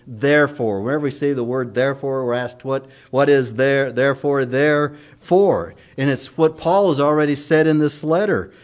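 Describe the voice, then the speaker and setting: A middle-aged man preaching a sermon in an earnest, emphatic way, his voice rising and falling strongly. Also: medium pitch.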